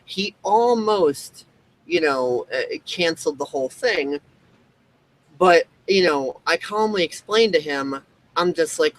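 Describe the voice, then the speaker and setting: A man's voice: on the high side, animated, takes it slowly, slight background noise, poor audio. A man hosting a show, ranting in a rambling monologue full of fillers and restarts. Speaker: show host.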